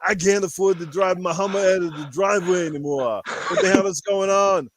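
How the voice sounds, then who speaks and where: A man doing a crude, brash impression of an aging action-star man, ranting loudly with lots of swearing on a podcast. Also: high voice, a little fast, a little hiss or hum, natural voice. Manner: loud, profane ranting.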